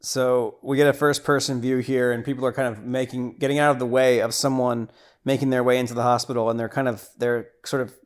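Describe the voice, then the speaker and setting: A man's voice: medium pitch, fairly quick. A man hosting a podcast, casually recapping a horror movie scene by scene, with lots of restarts and repeated words. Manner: grows loud and excited at gory scenes. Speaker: podcast host.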